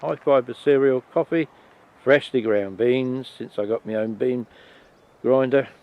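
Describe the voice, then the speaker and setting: A man narrating his own video outdoors by marshland at dawn, in a relaxed, descriptive way. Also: mid-range voice, measured pace, narrow, tinny audio.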